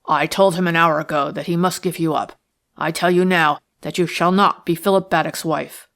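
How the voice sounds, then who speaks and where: A woman's voice: steady tone, normal speed, creaky, fairly bright tone. Woman reading as a harsh, sullen male schemer. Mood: menacing. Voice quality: harsh, coarse. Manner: sullen, menacing, low-voiced. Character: rough jealous male schemer, bitter and threatening. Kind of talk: audiobook character reading.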